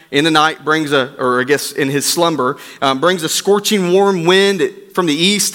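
Emphatic male pastor, high voice, echoing church hall. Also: pushed and bright. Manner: emphatic and repetitive, speaks to the congregation. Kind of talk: sermon.

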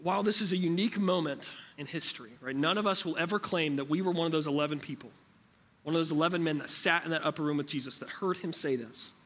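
A man's voice: fairly high pitch, fast talker, fairly bright tone, slight background noise. A man preaching a sermon as pastor, talking in a conversational way and asking the room rhetorical questions.

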